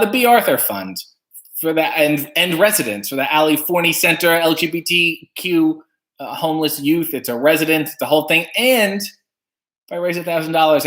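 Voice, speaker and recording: A man's voice: a little high, animated, brisk, fairly bright tone. A man hosting a casual livestream, reading chat comments aloud with playful, wry asides.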